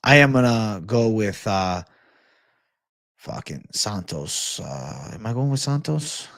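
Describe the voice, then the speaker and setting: A man's voice: fairly low pitch, lively intonation, takes it slowly, a bit bright, no room sound, studio quality. Laid-back swearing young man. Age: 20s. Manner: laid-back, swears often, reads chat aloud. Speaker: host of a livestream Q&A. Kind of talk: casual livestream chat.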